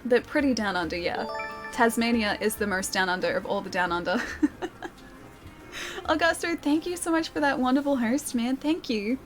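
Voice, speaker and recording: A young Australian woman with a fairly high, soothing voice, chatting loosely with her viewers as she plays. She laughs easily between thoughts, and a quiet music bed runs under her talk. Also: normal speed. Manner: chatty, laughs often, reads and answers chat. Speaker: streamer. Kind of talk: casual live-stream chat while gaming.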